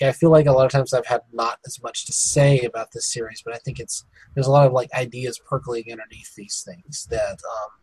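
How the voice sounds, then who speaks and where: A man joins a casual film podcast and talks with real enthusiasm about his favorite discoveries. His voice has a husky edge, and he often restarts mid-sentence as his thoughts race ahead. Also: medium pitch, poor audio. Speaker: podcast guest co-host.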